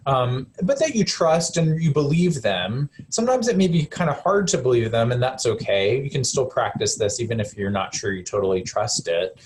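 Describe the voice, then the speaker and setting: Guy doing a chill webinar talk, lots of ums, average pitch, bit of faint noise behind. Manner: conversational, many fillers and self-corrections. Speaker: counselor presenting a webinar. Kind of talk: casual live webinar talk.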